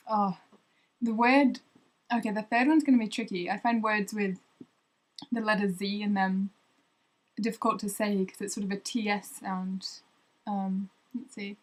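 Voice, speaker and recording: A woman talks straight to camera in an easygoing way, self-deprecating and light. Her voice sits at an ordinary middle pitch. Her chat is loose and full of fillers, and she slows down to read out tongue twisters with care. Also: poor audio. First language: English. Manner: good-humoured and self-deprecating, pausing on fillers. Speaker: vlogger. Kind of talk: casual talk to camera trying tongue twisters.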